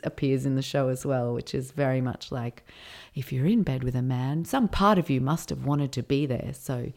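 A woman with a notably low voice speaks in a relaxed interview. She muses aloud, restarts her sentences and trails through fillers as she explains her performance work. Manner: thoughtful, rambling, with frequent restarts and fillers. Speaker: performer and show creator being interviewed. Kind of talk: casual interview talk.

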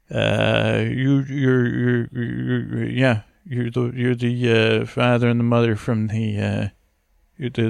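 A man improvising a rambling bedtime story as host, talking in halting, one-sided dialogue full of restarts, with a soft, low-key delivery. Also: gravelly, no room sound, clean studio sound.

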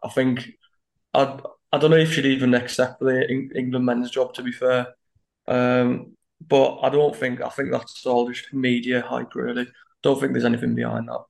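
A man on a football podcast gives measured, matter-of-fact opinions. His gravelly voice stays level and flat with little rise or fall. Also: medium pitch. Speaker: podcast co-host. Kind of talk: casual football podcast chat.

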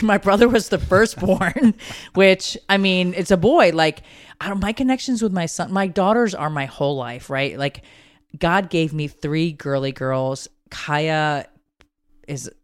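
A woman in her thirties talking in a casual co-host chat, animated and outspoken with a salty tongue. Her voice is smooth and clear, recorded close and dry. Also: very deep voice, no room sound. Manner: animated, blunt, swears freely. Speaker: podcast co-host.

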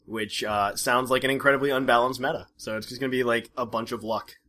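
A man's voice: mid-range voice, steady tone, fast, bright, forceful tone. A man co-hosting a casual podcast, rambling with lots of fillers and restarts. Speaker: podcast co-host.

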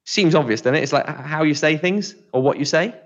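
A man's voice: on the high side, fairly quick. Rambling West Country man, muffled audio. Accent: West Country English. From West of England, near Bristol. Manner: rambling, thinking aloud, self-mocking. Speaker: podcast co-host. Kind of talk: casual podcast chat.

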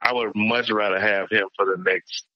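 A man's voice: on the low side, steady tone, moderate pace, no room sound, highs cut off. A man in his forties in casual chat, opinionated and repeating words as he finds his point. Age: 40s. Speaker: podcast guest.

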